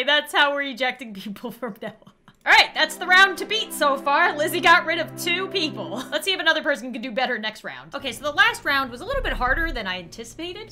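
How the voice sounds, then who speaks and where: A woman YouTuber doing excitable gameplay commentary, gasping, squealing and laughing as she reacts. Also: high voice. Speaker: gaming YouTuber.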